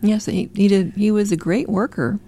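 Mellow, gravelly voice agreeing in a discussion. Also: medium pitch, fairly even intonation, normal speed. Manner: agreeable, frequent affirmations. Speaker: discussion participant. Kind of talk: casual book discussion.

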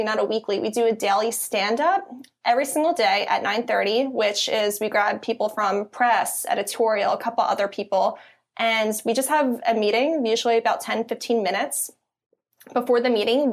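A young woman with a Philadelphia accent, chatting in an interview as a guest, filling her talk with ums and you-knows. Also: on the high side. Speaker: guest, content editor. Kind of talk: casual interview conversation.

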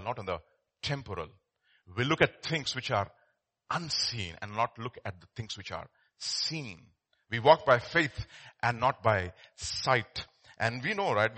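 A man's voice: mid-range voice, bright, forceful tone. A man preaching a sermon as pastor, telling stories in a conversational way with many fillers and restarts.

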